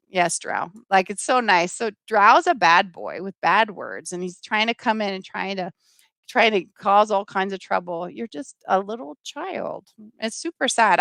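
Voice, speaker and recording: Sarcastic woman live-stream host, gravelly. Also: mid-range voice, a bit bright, no echo. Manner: sarcastic, scolding toward trolls. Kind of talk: live political commentary, reading chat.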